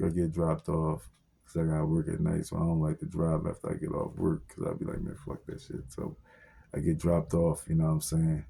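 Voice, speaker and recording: Young man, street slang, profane, deep voice, husky tone. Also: warm tone. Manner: profane street slang, lots of fillers, acts out dialogue. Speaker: storyteller. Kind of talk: casual personal story.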